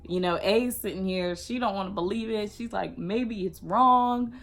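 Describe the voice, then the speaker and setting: A young woman vlogger telling a casual storytime, animated and acting out what people said. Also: medium pitch, brisk, vocal fry. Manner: animated, acts out quotes.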